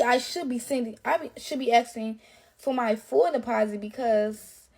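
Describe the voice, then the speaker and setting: A woman's voice: fairly high pitch, moderate pace, creaky, darkish tone, breathy edge. Irritated woman ranting, slangy. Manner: irritated, profane, lots of fillers. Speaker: storyteller. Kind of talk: casual ranting story.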